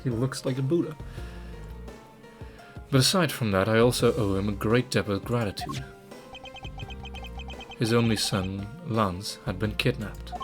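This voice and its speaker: A man voicing a proud, formal young prosecutor, measured and dignified, slightly lower than his usual voice. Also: lightly acted. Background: game music.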